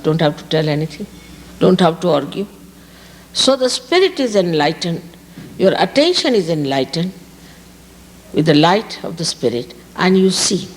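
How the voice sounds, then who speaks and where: A woman's voice: on the low side, long reverb tail, slight background noise. Emphatic woman giving a spiritual talk. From India. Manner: emphatic, repeats key words. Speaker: spiritual teacher. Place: outdoor park gathering.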